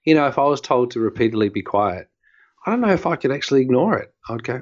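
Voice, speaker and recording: A man's voice: mid-range voice, animated, quick pace. A man co-hosting a podcast, musing thoughtfully in a casual chat. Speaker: podcast co-host. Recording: dull lo-fi sound.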